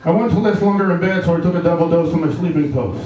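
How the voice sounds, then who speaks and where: A man doing a stand-up comedy set in a comedy club, delivering deadpan one-liners with pun punchlines. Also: on the high side, fast talker, recorded from a distance, a crowd in the background. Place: live comedy club with audience. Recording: echoey club room, mic heard from afar.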